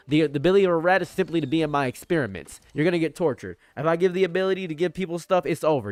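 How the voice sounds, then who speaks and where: Young man, streamer banter, playful, jokey, repeats himself, mid-pitched voice. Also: dry recording. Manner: playful, joking, repeats lines for effect. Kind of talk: casual rambling stream banter.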